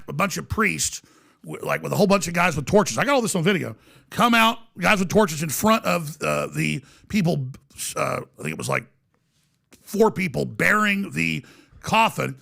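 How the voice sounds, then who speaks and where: A man guest on a podcast, telling a story in an excitable way, stumbling and restarting and acting out what people said. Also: a little high, gravelly. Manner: excitable, many restarts, acts out quotes. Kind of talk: animated storytelling.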